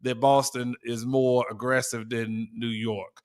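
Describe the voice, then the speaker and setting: A man co-hosting a podcast, laughing often and slipping into playful mimicry as he talks. His voice sits at an ordinary middle pitch, and his delivery is loose and easygoing. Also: little pitch movement, a little slow, a little mellow. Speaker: podcast co-host. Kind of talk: casual podcast chat.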